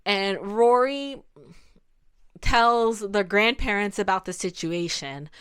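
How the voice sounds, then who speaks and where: A woman's voice: medium pitch, takes it slowly, fairly bright tone, smooth. A young woman in casual commentary, chatting loosely with many "like" fillers and restarts. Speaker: video essay host.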